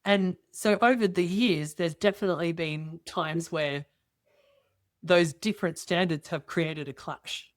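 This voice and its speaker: A middle-aged woman guest telling personal stories in casual conversation, lively and acting out dialogue with quoted voices. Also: on the low side, unhurried, dry recording, studio quality. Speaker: interview guest.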